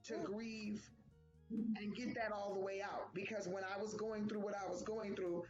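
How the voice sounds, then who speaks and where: A woman's voice: mid-range voice, normal speed. A woman co-hosting a casual talk about grief, acting out quoted voices as she speaks. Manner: animated, acts out quotes. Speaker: co-host. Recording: echoey room, dull sound, faint music.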